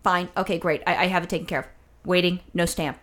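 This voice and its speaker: A woman's voice: on the low side, steady tone, fast talker, a bit bright. A woman telling a long exasperated story in casual chat, swearing often and acting out both sides of the exchange. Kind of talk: casual chat, ranting anecdote.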